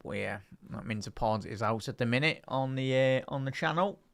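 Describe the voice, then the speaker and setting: A young man with a Liverpool accent hosts a live football watch-along and talks casually with his chat between plays. When the action picks up he moves into quick play-by-play calls. His voice is smooth and clear, sits at a middle pitch, and is recorded dry and close. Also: no room sound. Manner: chatty, reads live chat aloud and lifts into play-by-play calls. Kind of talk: live match-day watch-along commentary.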